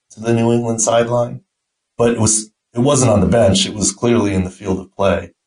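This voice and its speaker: A man's voice: fairly low pitch, poor audio. A middle-aged man, a podcast host and team doctor, telling an anecdote in a casual way and acting out the quoted voices. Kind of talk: casual storytelling.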